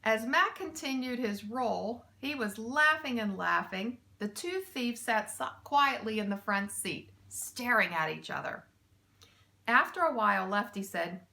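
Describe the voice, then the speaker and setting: A teacher reading a children's chapter book aloud, with slow, expressive storytelling. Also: female voice, fairly high pitch, gravelly.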